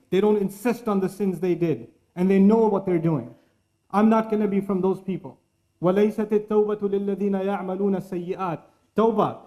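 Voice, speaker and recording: Animated higher-pitched male preacher. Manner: animated, acts out inner voices and temptations; mixes Quranic Arabic recitation into English talk. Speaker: Islamic preacher. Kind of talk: religious lecture.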